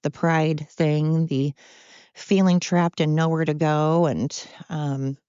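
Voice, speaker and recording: A woman's voice: low-pitched, flat delivery, takes it slowly, warm tone, clean tone, no echo, dull audio. A woman hosting a podcast, talking in a rambling, blunt, self-deprecating monologue while walking uphill. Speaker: podcast host. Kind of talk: candid monologue.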